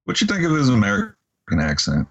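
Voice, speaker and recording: A man's voice: medium pitch, wildly swooping pitch, fast, a bit bright, muffled recording. A man co-hosting a podcast, chatting casually about a movie and chiming in with short prompts and remarks. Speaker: podcast co-host.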